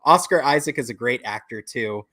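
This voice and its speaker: Male co-host, casual, measured, agreeable, mid pitch. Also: animated, pushed and bright. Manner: measured, agreeable, lots of mm-hmms. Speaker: podcast co-host. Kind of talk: casual chat.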